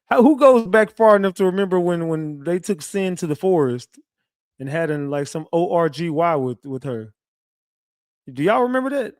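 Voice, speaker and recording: A man's voice: sits high, a little mellow, dry recording, clean studio sound. A man hosting a casual live commentary stream, rowdy and teasing as he calls out to his chat. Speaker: livestream commentator.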